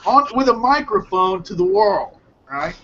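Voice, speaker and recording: A man hosting an online hangout, excitedly recapping an anime episode in a rambling, self-correcting way over a headset mic on a video call. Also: high voice, unhurried, dull audio, a little hiss or hum. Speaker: hangout host reviewing anime. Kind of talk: casual group hangout chat.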